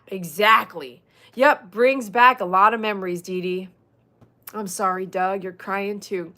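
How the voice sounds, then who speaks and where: A woman of middle pitch talks casually to her livestream audience as a dog groomer, thanking viewers and reading their comments aloud. She says y'all and leans into heartfelt asides. Her delivery is lively, flaring into mock outbursts and then settling into something quieter. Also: a little slow. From Texas. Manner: animated, swings into loud mock outbursts, then soft and earnest; chatty, reads out viewer comments, uses y'all.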